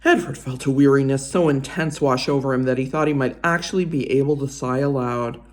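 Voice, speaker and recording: A woman reading a children's chapter book aloud in an expressive storytelling voice. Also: very deep voice, fairly quick. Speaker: reader.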